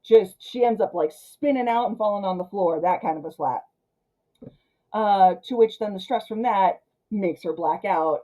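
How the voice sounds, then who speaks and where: A woman reviewing a film in a chatty, animated way, full of fillers like "um" and "like.". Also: medium pitch, moderate pace, poor audio.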